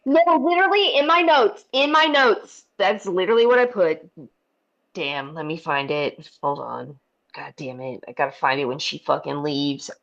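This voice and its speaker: A woman's voice: deep voice, moderate pace, gravelly, a bit bright. Chatty, swearing woman, muffled lo-fi sound. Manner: chatty, swears freely, laughs often. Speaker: podcast co-host. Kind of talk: casual chat.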